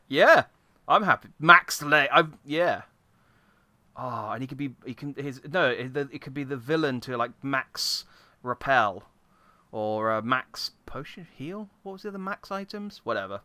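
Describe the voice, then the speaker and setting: A man's voice: medium pitch, lively intonation, measured pace, bright, forceful tone, dry recording. A man giving casual, jokey let's-play commentary, rambling with many fillers. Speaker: game streamer.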